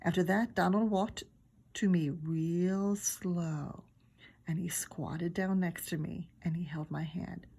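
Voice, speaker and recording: A woman teacher reading a children's chapter book aloud, lively and giggly as she tells the story. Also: fairly low pitch, slow, gravelly, slightly rough.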